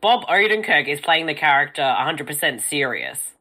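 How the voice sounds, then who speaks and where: A woman's voice: deep voice, sing-song, moderate pace, bright, forceful tone, low-quality recording. A woman bluntly swearing her way through a casual movie commentary chat. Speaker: podcast co-host.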